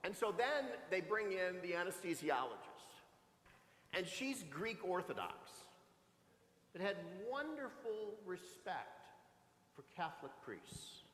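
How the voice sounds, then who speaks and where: Priest in his sixties, homily, storytelling with humor; lively, slightly high voice in a reverberant church. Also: slow, slight background noise. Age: 60s. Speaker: pastor. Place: large church sanctuary. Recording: echoey church with long reverb.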